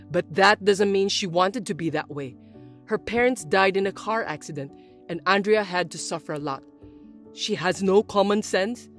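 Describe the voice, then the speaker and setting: A performer voicing a patient adult son who explains things in a steady, firm way. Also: medium pitch, close to an everyday voice. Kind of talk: dubbed drama acting.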